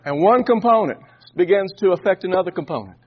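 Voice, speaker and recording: A man's voice: sits high, lively intonation, quick pace, slightly rough, lo-fi sound. A man preaching a sermon, telling a folksy story and often repeating and restarting words.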